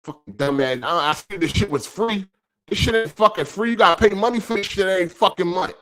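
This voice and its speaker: A fairly high-voiced man hosts a livestreamed gaming podcast. He rants in a steady stream of profanity. Between gripes he reads viewer messages aloud. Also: fast. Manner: profane, irritated ranting. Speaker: podcast host.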